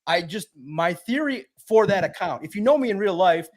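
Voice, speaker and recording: On a sports podcast, a guest who works as a sports publisher tells a story in a high-pitched voice at normal speed. He's casual, energetic, and animated, as if hanging out with friends.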